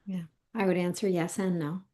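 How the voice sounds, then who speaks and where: A woman co-hosting a spiritual session, talking in a calm, measured way. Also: on the low side. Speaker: co-host and spiritual teacher. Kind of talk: spiritual talk.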